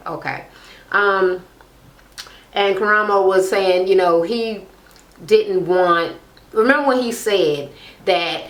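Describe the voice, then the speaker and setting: A woman's voice: mid-range voice, slow, long pauses, a bit bright, roomy sound. A woman recapping a reality show in casual, blunt, profane chat, mimicking the people she talks about.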